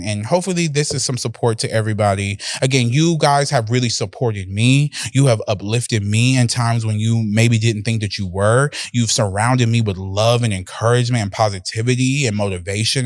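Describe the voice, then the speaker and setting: A young man hosting a casual solo podcast, talking candidly and emotionally, swearing freely and often jumping higher in pitch when he gets excited. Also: no echo, studio quality. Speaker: podcast host.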